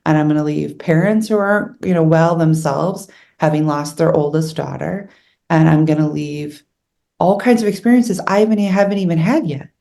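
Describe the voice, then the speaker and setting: A woman's voice: low voice, normal speed, gravelly, mellow. A middle-aged woman telling her own story as an interview guest, earnest and candid, emotional as she recalls hard moments.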